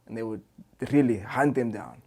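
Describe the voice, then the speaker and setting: A young man, a musician guest on a podcast, telling stories in a loose, excitable way, full of slang and swearing. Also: fairly low pitch, normal speed, breathy edge. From Cape Town, South Africa. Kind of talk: casual chat.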